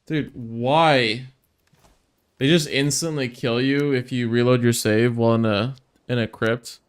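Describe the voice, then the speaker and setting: A man's voice: medium pitch, fairly even intonation, measured pace, clear, resonant tone. A man giving casual commentary while playing a game, exasperated and swearing to himself. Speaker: gamer streamer.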